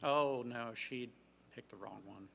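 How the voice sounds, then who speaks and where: A man's voice: medium pitch, measured pace, gravelly, fairly bright tone, a little hiss or hum. A man co-hosting a live trivia show, reading out fun facts and chatting between questions. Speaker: trivia co-host.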